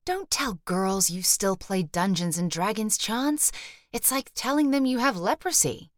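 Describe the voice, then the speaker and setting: A woman's voice: medium pitch, animated, a little slow, no room sound, clean studio sound, voice pushed up, close to an everyday voice. A woman voicing a nagging mother who scolds her grown son with warnings in an audiobook. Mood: scolding.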